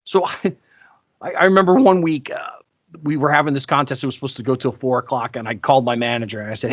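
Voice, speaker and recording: A man co-hosting a podcast, telling sales stories in a casual, animated way and acting out the people he quotes. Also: medium pitch, fast, dry recording. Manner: animated, acts out quoted voices. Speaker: podcast co-host. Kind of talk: casual storytelling chat.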